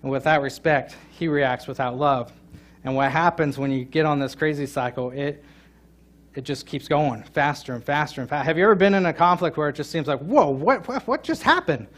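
A middle-aged man preaching a sermon, telling a funny story and joking with his congregation, with loud emphatic peaks. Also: fairly high pitch, steady tone, fairly quick. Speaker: pastor. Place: church sanctuary.

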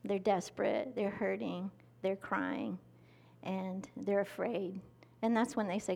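A woman's voice: fairly high pitch, steady tone, normal speed. A woman preaching a conversational sermon, close to the mic, acting out quotes as she teaches. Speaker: pastor. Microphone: mic held close to the mouth.

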